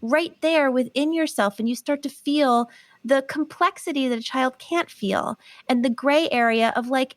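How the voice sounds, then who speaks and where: A woman guest on a podcast, explaining a healing method in an earnest, animated way. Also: sits high, moderate pace, dry recording. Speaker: guest, pain recovery author. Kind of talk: podcast interview.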